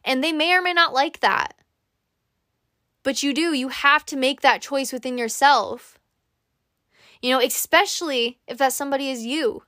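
A woman's voice: high-pitched, a bit bright, no room sound, clean studio sound. A woman hosting a podcast, giving an earnest, encouraging monologue straight to the listener. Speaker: podcast host. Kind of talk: motivational monologue.

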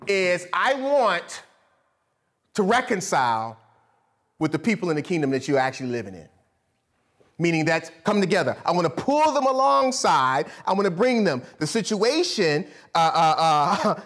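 Lively preaching man, fairly high voice. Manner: lively preaching with laughs and asides. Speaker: pastor. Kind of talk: sermon.

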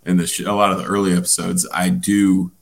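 A man's voice: low-pitched, flat delivery, a little fast, gravelly. A man co-hosting a podcast, telling a rambling story full of fillers and swearing in casual chat. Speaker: podcast co-host.

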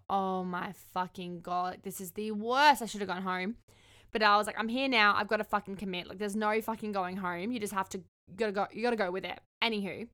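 A young woman telling a dating story in a candid, expressive way, swearing freely. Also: mid-range voice. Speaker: vlogger. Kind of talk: casual storytelling.

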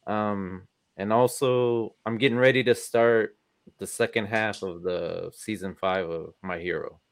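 A man in casual podcast chat, hesitant and pausing on fillers as he thinks. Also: fairly low pitch, fairly even intonation, dry recording.

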